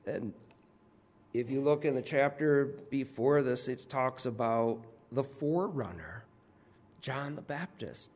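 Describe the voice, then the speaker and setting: A man preaching a sermon with animated, emotional storytelling, dropping at times to a whisper. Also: mid-range voice.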